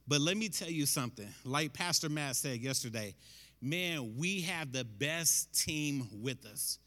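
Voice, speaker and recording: Man, preacher, sermon, conversational, emphatic, fairly high voice, long hall reverb. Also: lively intonation, unhurried, sharp tone.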